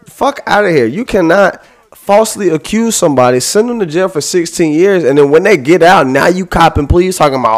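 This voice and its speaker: A man's voice: on the high side, very animated, brisk. A man hosting a podcast, ranting heatedly and profanely, repeating himself. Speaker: podcast host.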